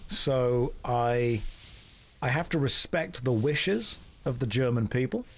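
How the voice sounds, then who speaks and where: A man's voice: medium pitch, animated, takes it slowly. A man chatting casually and joking dryly as he plays a game and answers his chat. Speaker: streamer. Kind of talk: casual chat while gaming.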